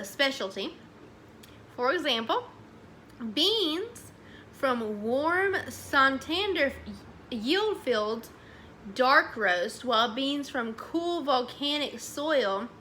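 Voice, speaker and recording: A young woman, chatting excitedly as she reviews snacks, saying "y'all" a lot. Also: sits high, slight background noise. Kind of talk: casual chat.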